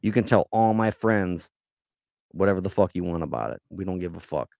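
Low-voiced man swearing through podcast banter. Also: a little fast, gravelly, a little mellow, no echo, clean studio sound. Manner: crude, profane, provocative banter. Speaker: podcast co-host. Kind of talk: casual podcast chat.

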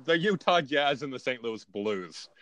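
A man's voice: medium pitch, animated, unhurried, a bit bright. A man co-hosting a podcast in casual chat, making dry, mock-serious jokes. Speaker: podcast co-host.

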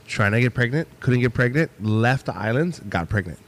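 A man's voice: medium pitch, lively intonation, brisk. A man in casual chat, talking in an offhand, profane way.

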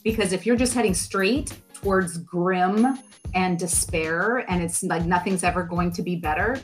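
Lively woman guest on a podcast. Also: fairly low pitch, moderate pace, faint music behind. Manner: lively, expressive, playful asides. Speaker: guest, life coach. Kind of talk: podcast interview.

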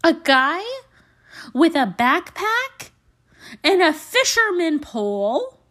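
A woman's voice: very high voice, big pitch swings, slow, a bit bright. A young woman host in a put-on mock Southern accent, telling a profane, exasperated comedic story on a solo podcast. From Canada.

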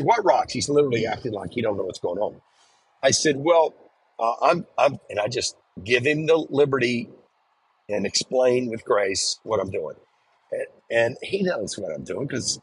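A man's voice: medium pitch, slightly rough, no room sound, poor audio. A man earnestly recounting his own experience in a conversational storytelling style, often restarting his sentences. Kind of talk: personal storytelling.

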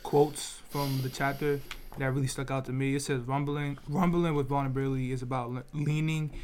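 A man's voice: medium pitch, a little fast. A man with a mid-range voice talks casually on a podcast. His phrasing is loose and slangy, and he often restarts and checks in with his listeners. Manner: relaxed slangy talk with restarts and "you feel me". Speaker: podcast co-host.

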